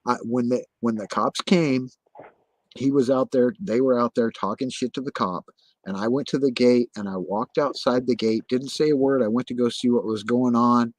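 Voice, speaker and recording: An agitated man tells his story in rough, profane bursts and circles back to the same insistence over and over. His voice sits at an ordinary middle pitch. The recording is dry, with no room sound. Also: steady tone, moderate pace, no echo. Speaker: guest telling his story. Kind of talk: casual conversation.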